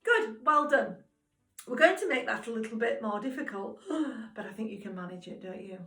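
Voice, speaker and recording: A woman teaching a singing lesson to young children, encouraging and speaking slowly and clearly. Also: fairly high pitch, lively intonation, pushed and bright. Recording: roomy sound from a distance, music behind.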